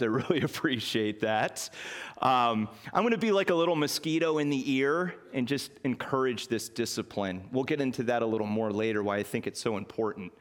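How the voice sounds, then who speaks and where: A man preaches from the pulpit of a church in a relaxed, chatty way. He keeps things folksy and often pokes fun at himself. His voice sits at an ordinary mid pitch. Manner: conversational and folksy, with light self-deprecating humor. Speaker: pastor. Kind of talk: sermon. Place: church sanctuary.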